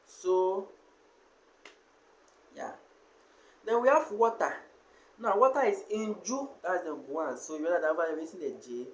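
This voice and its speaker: Slow, deliberate man teaching in an echoey room. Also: high voice, a bit bright. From Ghana. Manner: slow and deliberate, repeating each word. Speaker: language teacher. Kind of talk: spoken language lesson.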